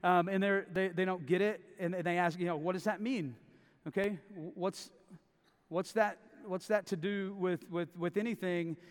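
A man's voice: sits high, fairly even intonation, moderate pace. A man preaching a sermon, emphatic and repeating phrases for stress. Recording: long reverb of a large hall.

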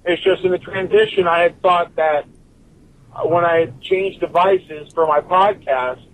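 A man's voice: sits high, unhurried, a bit bright, poor audio. A man giving a profane, rambling rant as a listener's recorded message to a podcast, swearing constantly and drifting from point to point.

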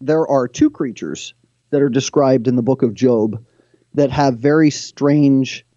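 A man's voice: mid-range voice, unhurried, dry recording. Man telling stories on a muffled line. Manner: animated storyteller, reads passages aloud. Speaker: guest. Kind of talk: retelling scripture stories in conversation.

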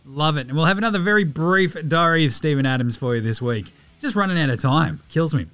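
Aussie male podcast host, cheeky banter, slightly high voice, dry close mic, faint music bed. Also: quick pace, hardly any pauses, clear, resonant tone, no echo. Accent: Australian. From Australia. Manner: jokey, irreverent, lively banter. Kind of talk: casual podcast chat and host-read ad. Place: podcast studio.

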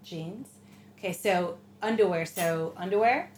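A woman's voice: fairly low pitch, a little slow, a little mellow. Chatty woman hosting a lesson. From United States. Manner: chatty, asks short prompt questions. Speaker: language lesson host. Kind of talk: casual language lesson. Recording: echoey room with faint noise.

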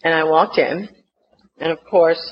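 A woman's voice: deep voice, unhurried. A middle-aged woman with a New Jersey accent tells a humorous personal story as a recovery meeting speaker, acting out her past outbursts. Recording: dull lo-fi recording with faint noise.

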